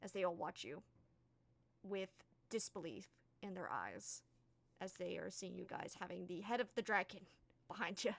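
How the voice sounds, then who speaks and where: Woman GM narrating a tabletop session, relaxed and unpolished, dry recording. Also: fairly low pitch, creaky, no echo. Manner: casual, halting narration with fillers. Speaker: game master.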